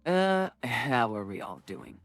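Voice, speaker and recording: A woman's voice: a bass voice, huge pitch swings, slow, creaky, soft background music. A woman streamer chatting casually with her viewers before a tabletop game, rambling and full of filler words.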